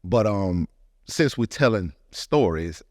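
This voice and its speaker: A middle-aged man co-hosting a podcast, speaking low with a lively, rolling intonation. He tells his stories in a reflective, easygoing way. The sound is close and dry, with no room echo. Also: takes it slowly. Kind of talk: casual chat. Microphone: podcast studio mic, facing own camera.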